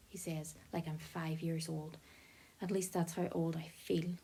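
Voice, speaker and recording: A woman reads an audiobook aloud in first person. Her telling is lively and expressive. The voice is mellow and slightly husky. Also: low-pitched, normal speed. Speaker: audiobook narrator.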